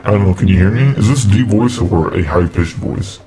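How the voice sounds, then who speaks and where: A man talking through a voice effect that lowers his voice, rambling while he tests how it sounds. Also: a little fast, mellow, faint music behind, low-quality recording. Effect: pitch-lowering voice effect. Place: home streaming setup.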